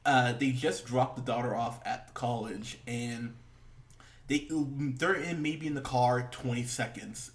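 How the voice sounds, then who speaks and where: A man's voice: mid-range voice, unhurried. A man hosting a casual movie review podcast, rambling with lots of fillers, laughing and swearing as he talks. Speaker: podcast host.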